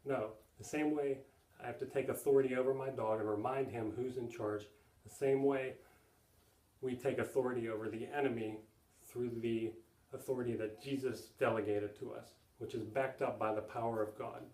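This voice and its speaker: Man, preacher, earnest teaching, mellow voice, echoey room, off-mic. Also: medium pitch, fairly even intonation, a little fast, far from the mic. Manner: earnest, plain teaching with repeated "you see". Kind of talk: sermon.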